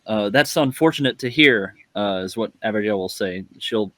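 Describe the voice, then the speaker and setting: A man taking part in a tabletop role-playing game. He speaks politely and haltingly, with frequent fillers, in a dry, close sound with no room around it. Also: fairly low pitch, a bit bright, no room sound. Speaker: player.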